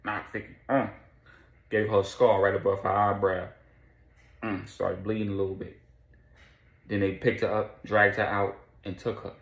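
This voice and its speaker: A man's voice: on the low side, flat delivery, moderate pace, gravelly, pauses often, reverberant. A man telling a story casually, with slang, profanity and repetition.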